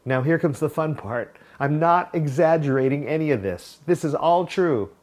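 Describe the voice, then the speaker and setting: A man preaching a sermon as a pastor, telling a personal anecdote in a wry, animated way. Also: a little high, moderate pace. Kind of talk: sermon storytelling.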